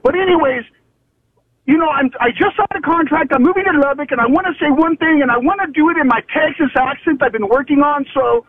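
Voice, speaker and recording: Rambling, very high-voiced male caller. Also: brisk. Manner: rambling, many fillers. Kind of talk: call-in phone chat. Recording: tinny phone line.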